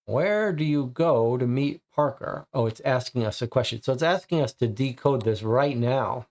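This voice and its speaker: A man's voice: medium pitch, lively intonation, normal speed, a little mellow. A man casually commenting as he plays a mystery game, thinking aloud and reading its text to viewers. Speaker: game streamer.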